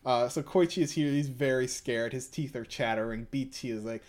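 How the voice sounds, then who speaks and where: A man's voice: mid-range voice, moderate pace, hardly any pauses. A young man co-hosting a podcast in loose, casual chat. He rambles through his thoughts with lots of fillers and reads a manga aloud between comments. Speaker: podcast co-host.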